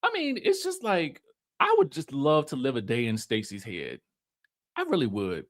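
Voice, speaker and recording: A man's voice: medium pitch, huge pitch swings, moderate pace, fairly bright tone. A man giving a casual, campy recap of reality TV, laughing often and slipping into a pampered, fussy voice. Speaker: reality TV commentator.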